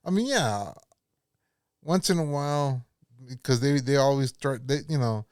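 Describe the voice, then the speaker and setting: A man's voice: mid-range voice, expressive, a little slow, a little mellow, clean tone, no echo, clean studio sound. A man, a former bouncer, chatting casually on a podcast, rambling and repeating his words, swearing often. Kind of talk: casual chat.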